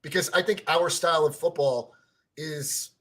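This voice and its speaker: Rambling podcast co-host, man with a high, bright voice, stumbles over words, cusses a lot. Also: fairly even intonation, moderate pace. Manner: rambling, stammers and repeats words, swears freely. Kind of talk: casual sports fan chat.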